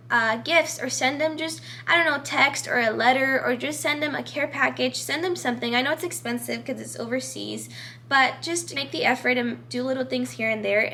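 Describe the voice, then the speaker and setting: A woman's voice: on the high side, a bit bright, slight background noise. A young woman giving earnest, encouraging advice straight to camera in a casual vlog, filling her talk with "like" and "you know".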